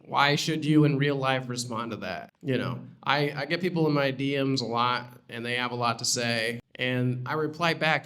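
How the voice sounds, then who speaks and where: A man's voice: medium pitch, moderate pace, hardly any pauses, a bit bright, clean tone. A man on a panel giving blunt, wry answers in a loose, casual way. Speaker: panelist and musician.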